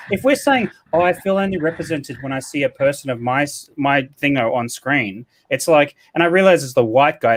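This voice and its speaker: Casting: talkative man, slightly higher voice, rambling live-stream host. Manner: animated, rambling, repeats himself. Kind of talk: casual live-stream debate.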